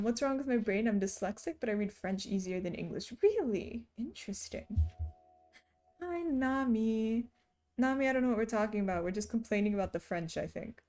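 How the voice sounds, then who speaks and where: A woman's voice: on the high side, darkish tone. A woman streamer chatting casually and reading her chat aloud, often laughing as she talks.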